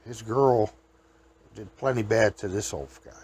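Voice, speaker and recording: A man's voice: on the low side, measured pace, darkish tone, breathy edge. A man hosting a show, telling folksy, rambling comic stories and laughing at his own tales. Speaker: host.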